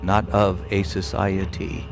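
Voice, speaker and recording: Slow, gravelly-voiced man giving spiritual talk. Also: low voice, monotone, music in the background. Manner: solemn, deliberate, long pauses. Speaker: spiritual teacher.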